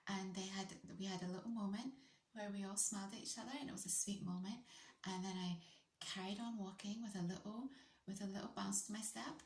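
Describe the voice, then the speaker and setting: A woman's voice: mid-range voice, echoey room. British woman, playful whispery storyteller. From United Kingdom. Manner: playful, slips into hushed whispery asides. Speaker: vlogger telling a personal story. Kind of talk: casual storytelling.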